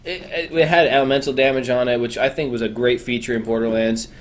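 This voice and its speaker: A man co-hosting a casual gaming podcast, talking in a relaxed, rambling way with many fillers and restarts. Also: mid-range voice, quick pace. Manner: relaxed, rambling, lots of "uh" and repeats. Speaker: podcast co-host.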